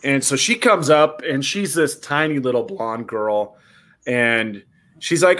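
Man, bright tone, very lively pitch, casual storyteller who acts out the voices. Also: a little slow. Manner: animated, acts out voices in quotes. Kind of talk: casual anecdote telling.

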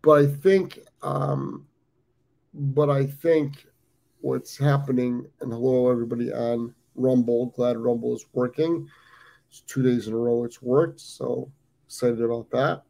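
A man in his fifties with an American accent hosts a live dog training show, chatting casually and rambling, repeating himself with lots of ums while fighting the hiccups. His medium-pitched voice is steady, unhurried, creaky and mellow.

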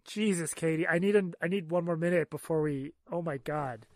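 A man's voice: on the high side, brisk, faint music behind. A man co-hosting a podcast, trading dry jokes in casual banter. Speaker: podcast co-host.

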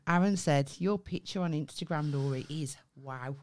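A woman's voice: sits low, darkish tone, slight background noise. A young woman with a Birmingham accent, co-hosting a podcast in brash, sweary casual chat. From England. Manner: brash, sweary, quick to laugh. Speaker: podcast co-host.

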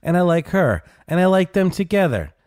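A man's voice: high voice, very animated, normal speed, darkish tone, no room sound, clean studio sound. A man co-hosting a podcast in a jokey, casual chat, laughing and trailing off. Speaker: podcast co-host.

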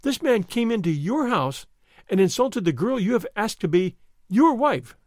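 A man's voice: high-pitched, big pitch swings, moderate pace, a little mellow, dry recording, clean studio sound, voice pushed up. A man reading aloud and voicing a proud, spirited young noblewoman who speaks with indignant scorn.

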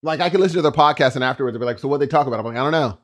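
A man co-hosting a podcast, joking around in casual chat and laughing easily. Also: medium pitch. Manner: animated, jokey, quick to laugh. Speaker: podcast co-host.

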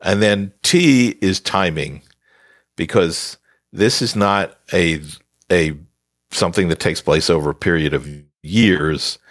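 A man's voice: low-pitched, dry recording, clean studio sound. A man, an author guest on a podcast interview, explaining his advice emphatically and scolding playfully.

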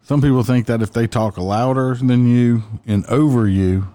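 Brief: male, dry joker in casual chat, warm dark tone, mid pitch. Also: normal speed, no echo. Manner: wry, joking, profane.

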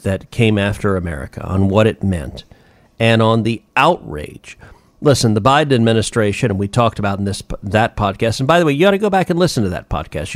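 Indignant, low-voiced male senator hosting a podcast. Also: no room sound. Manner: emphatic, indignant, repeats phrases for force. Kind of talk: political commentary podcast.

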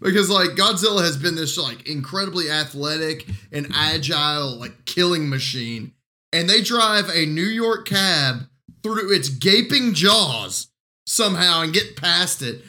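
A man's voice: fairly high pitch, lively intonation, a little slow, bright, forceful tone. A man co-hosting a casual podcast, exasperated and swearing often about a movie. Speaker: podcast co-host. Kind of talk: casual movie-riff chat.

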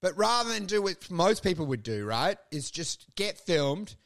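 Man, high voice, crude comic podcast riffs, loud bursts when acting out bits. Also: moderate pace. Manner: animated, crude, acts out bits loudly. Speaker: podcast co-host. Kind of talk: casual comedic chat.

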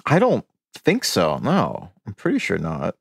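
A man's voice: sits low, measured pace, creaky, breathy edge, no echo. A man on a podcast rattles off film trivia with real enthusiasm, and his voice rises and falls a lot. He laughs easily. The sound is dry and close, with no room behind him. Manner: animated, enthusiastic, laughs often. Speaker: podcast co-host. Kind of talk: casual film-trivia chat.

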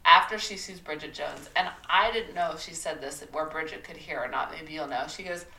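A woman co-hosting a podcast, chatting casually about a movie, animated and swearing freely while she laughs. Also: sits low, a little fast, distant mic. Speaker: podcast co-host. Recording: roomy echo.

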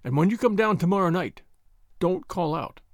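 Brief: uneasy signalman in a storybook reading , a man voicing him, low hushed voice, grave halting delivery, dry close sound. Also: animated, no room sound. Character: haunted, troubled middle-aged male railway signalman.

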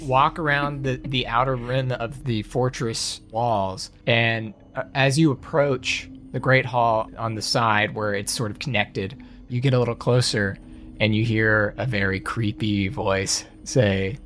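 A man narrating a tabletop game as game master, relaxed and halting. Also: mid-range voice.

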